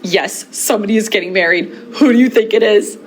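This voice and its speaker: A woman's voice: mid-range voice, a little fast, slight background noise. A woman teacher in a social media skit, bubbly and breathless as she addresses her class.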